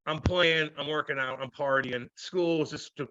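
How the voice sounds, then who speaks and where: A man in his thirties, a former hockey player, telling stories loudly and profanely in a casual interview. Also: a little high, moderate pace, no echo, lo-fi sound. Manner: loud, profane, animated storytelling.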